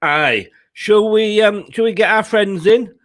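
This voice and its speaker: A man hosts a football fan channel's live stream in a loose, chatty way. He jokes and laughs often between his remarks. His voice sits a little high for a man. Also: a little slow, a bit bright. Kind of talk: casual live-stream chat.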